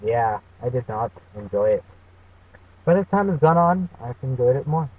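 Husky deadpan man on a distant tinny line. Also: mid-range voice, moderate pace. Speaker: podcast co-host. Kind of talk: casual podcast chat. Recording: distant, tinny phone-like audio.

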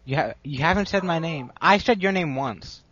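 A man's voice: a little high, expressive, moderate pace, fairly bright tone, dull audio. A young man co-hosting a casual podcast, rambling and poking fun at himself. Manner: rambling, self-mocking. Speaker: podcast co-host. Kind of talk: casual chat.

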